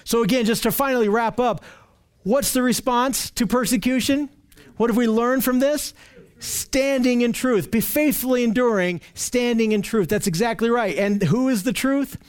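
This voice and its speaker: High-voiced man preaching emphatically. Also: normal speed, clean tone. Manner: emphatic, repetitive preaching with frequent restarts. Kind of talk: sermon.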